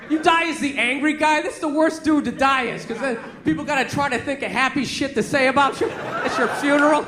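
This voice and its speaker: A man in his forties doing a loud, profane, exasperated stand-up rant on a theater stage. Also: very high voice, a little fast. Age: 40s. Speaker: stand-up comedian. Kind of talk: stand-up comedy set. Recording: live theater, laughing crowd, noise.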